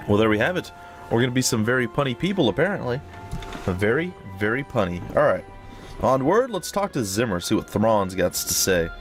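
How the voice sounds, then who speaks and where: Male let's-play host, lively, jokey asides, faint music under. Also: mid-range voice, fairly quick. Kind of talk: casual game commentary.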